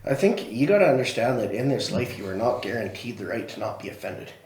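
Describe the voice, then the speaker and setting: A man's voice: mid-range voice, sing-song, quick pace, darkish tone, roomy sound, recorded from a distance. A man co-hosting a podcast in casual chat, hesitant and searching for words. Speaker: podcast co-host.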